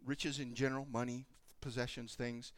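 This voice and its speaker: At a moderate pace and medium pitch, a pastor delivers a sermon full of lively storytelling, performing the voices of each character.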